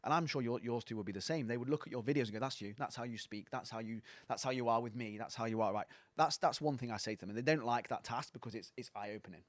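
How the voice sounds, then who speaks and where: A man's voice: mid-range voice, quick pace, few pauses, dry recording. A man, a coaching mentor, giving blunt, sweary, sarcastic advice as a guest on a casual podcast.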